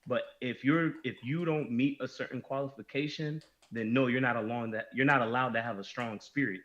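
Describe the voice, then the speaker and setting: A man speaks at a middle pitch in a casual podcast discussion. He is emphatic and often restarts his sentences. The recording is dull and lo-fi. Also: fairly quick, a bit bright.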